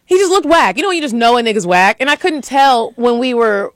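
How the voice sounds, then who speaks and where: A young woman tells a dating story on a podcast, acting out every quoted line with sudden leaps in pitch. She swears freely and keeps the chat loose and casual. The recording is close and dry. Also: quick pace, dry recording. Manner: animated, acts out quotes with big pitch jumps, swears freely. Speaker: podcast co-host.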